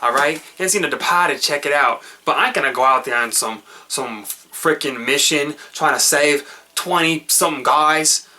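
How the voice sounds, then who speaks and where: A man putting on a loud, brash working-class Boston man with a Boston accent who just wants a beer. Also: fairly high pitch, normal speed. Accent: put-on Boston.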